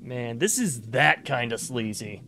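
A man's voice: medium pitch, expressive, a little slow, bright, forceful tone, a little hiss or hum. Profane, joking let's-play man. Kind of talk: gaming commentary.

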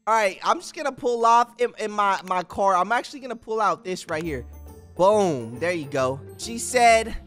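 A young man commentating his gameplay, animated and slangy, reading chat lines aloud. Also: sits high, normal speed, faint music behind. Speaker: gaming YouTuber.

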